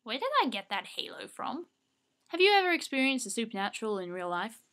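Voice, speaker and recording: A woman's voice: fairly high pitch, big pitch swings, fast, a bit bright. A young Australian woman casually answering fan questions at home into her webcam mic, chatty and self-mocking. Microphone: webcam microphone.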